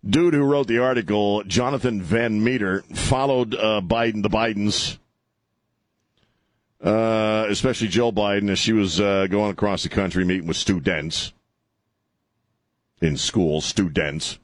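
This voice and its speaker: A lower-voiced man riffing through political commentary with a sarcastic, mocking edge. He rambles, restarts and pads his lines with fillers. The sound is dry and close, with no room around it. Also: steady tone, measured pace, no echo. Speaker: talk show host.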